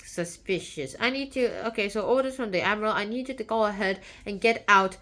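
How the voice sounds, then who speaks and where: A woman's voice: medium pitch, fairly quick, a bit bright, lightly acted. A woman voicing a scheming male ship captain in a plain, blunt, offhand way while retelling a story. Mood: brusque.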